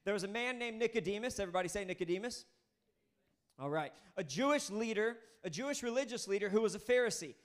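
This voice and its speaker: A man in his thirties preaching with a high, bright voice. He is energetic and conversational, breaking off to talk straight to the congregation. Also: fast talker. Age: 30s. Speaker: pastor. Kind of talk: sermon.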